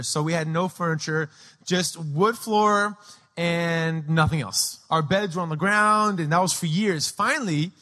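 A high-voiced man preaching from the pulpit, his bright, ringing tone carrying through a large hall with a long reverb tail. He tells childhood stories with animated energy, breaking into shouted voices of the people in them. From Peru. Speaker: pastor. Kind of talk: sermon with personal storytelling.

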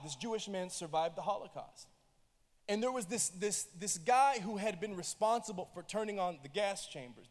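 A high-pitched male pastor delivering an impassioned sermon, his voice swinging from quiet, intimate asides to loud bursts. He sounds middle-aged. A long reverb trails each phrase, as in a large church hall. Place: church auditorium.

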